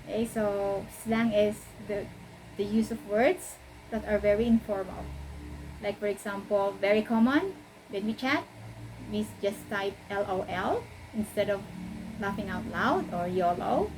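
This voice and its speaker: A woman's voice: mid-range voice, unhurried, darkish tone, a little hiss or hum, rough recording. A woman from the Philippines with a Filipino accent, explaining an English word in a casual, repetitive video lesson. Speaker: English teacher.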